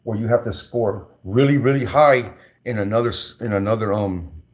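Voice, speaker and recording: A man's voice: on the low side, moderate pace. A man, telling stories in a slangy, rambling way, full of restarts and fillers. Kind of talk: casual storytelling.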